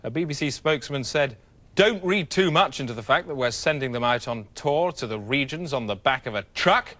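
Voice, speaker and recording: A man reading satirical news as an anchor, deadpan. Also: mid-range voice, fairly quick.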